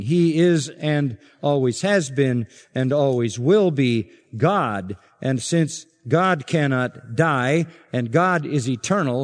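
A man preaching an expository sermon as pastor, emphatic and building to forceful points. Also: a little high. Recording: long reverb of a large hall.

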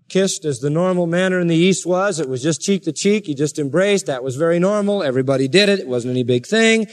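A man preaching a sermon, reading scripture aloud and rising sharply in emphatic indignation. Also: a little high. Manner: reads scripture aloud in King James wording.

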